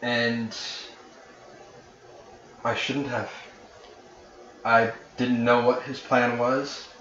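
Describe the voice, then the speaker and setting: A man's voice: medium pitch, little pitch movement, very slow, fairly bright tone, reverberant, distant mic, highs cut off, slight background noise. A man voicing a remorseful half-orc woman. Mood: apologetic. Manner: earnest, apologetic.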